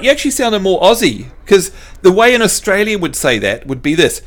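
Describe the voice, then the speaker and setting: A man's voice: high-pitched, very animated, fairly quick, a bit bright. A man from New Zealand livestreaming a game, chatting in a jokey, self-mocking way with his viewers. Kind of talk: casual chat with viewers.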